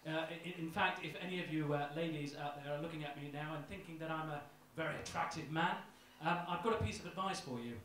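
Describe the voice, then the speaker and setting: A man's voice: a little high, quick pace, few pauses, fairly bright tone, a little hiss or hum. A young man doing a self-deprecating, hesitant stand-up routine in a small comedy club, full of ums. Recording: echoey club, distant mic, crowd.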